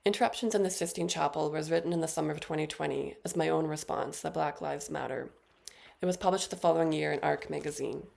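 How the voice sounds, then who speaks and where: A woman in her thirties reads her poems aloud in a low voice with a heavy gravelly fry. She introduces each piece briefly, then reads it in a measured, deliberate way. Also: darkish tone. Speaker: featured poet. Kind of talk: poetry reading with spoken introductions.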